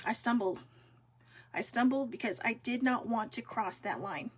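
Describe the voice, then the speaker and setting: A woman's voice: fairly high pitch, normal speed, breathy edge. A woman hosting a vlog, talking to her viewers in a casual, heartfelt way, earnest and encouraging, with many fillers. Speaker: vlog host.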